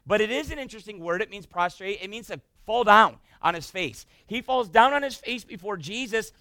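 A male pastor preaching a sermon, emphatic and swinging between loud bursts and hushed passages. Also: high voice, expressive, a little fast, no room sound.

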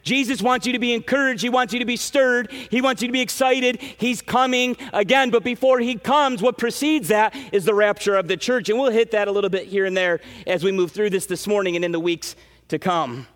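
A man preaching a sermon as pastor, earnest and emphatic, with quick asides and restarts. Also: high voice, fairly bright tone, big-room sound. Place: church sanctuary.

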